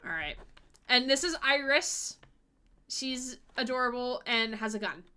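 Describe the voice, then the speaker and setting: A woman's voice: fairly high pitch, lively intonation, unhurried, pushed and bright, clean tone. A woman streamer giving casual, chatty let's-play commentary, giggly and full of fillers.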